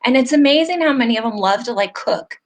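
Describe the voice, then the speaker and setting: A woman's voice: a little high, expressive, quick pace. Earnest, heartfelt woman host. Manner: earnest, heartfelt storytelling that grows emotional. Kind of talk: live interview chat.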